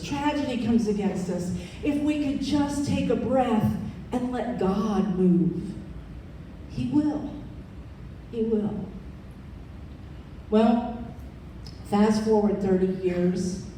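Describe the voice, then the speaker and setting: A woman's voice: fairly high pitch, warm tone. A woman in her sixties giving an emphatic personal testimony as keynote speaker, repeating phrases for weight. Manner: emphatic storytelling with repetitions. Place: large event hall. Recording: echoey hall, distant mic, faint noise.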